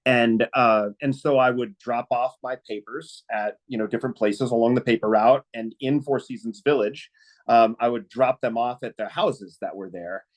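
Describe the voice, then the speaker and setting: A man speaking on a webinar, telling a personal story in an earnest, halting way with many fillers and restarts. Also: medium pitch, poor audio.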